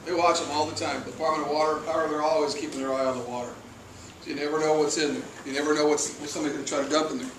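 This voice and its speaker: A man's voice: a little high, little pitch movement, very fast. A male firefighter instructor, giving a casual training lecture, chatty and full of anecdotes and questions to the class. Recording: echoey room, voice from far off, faint noise.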